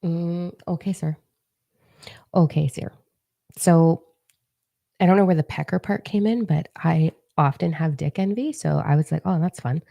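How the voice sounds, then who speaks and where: A woman's voice: on the low side, unhurried, vocal fry, long pauses, dark tone, dry recording. A woman in her forties, a spiritual advisor talking casually on her vlog, blunt, profane and playfully mocking.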